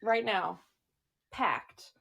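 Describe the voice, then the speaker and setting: A young adult woman co-hosting a podcast, chatting casually with playful, excitable storytelling. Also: medium pitch, extremely slow, gravelly, slightly rough. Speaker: podcast co-host. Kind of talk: casual chat.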